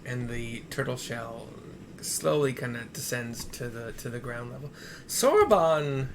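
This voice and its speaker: A man's voice: mid-range voice, little pitch movement, moderate pace, background noise. A man casually narrating and describing a game playthrough for listeners who cannot see it, swearing now and then. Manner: casual, swears, thinks aloud. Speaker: game narrator for visually impaired viewers.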